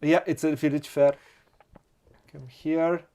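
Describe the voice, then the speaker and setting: Slow, musing Romanian-accented man. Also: fairly high pitch, level tone, mellow. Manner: slow, hesitant, muttering to himself, laughs often. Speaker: board game channel host. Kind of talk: thinking aloud during a board game playthrough.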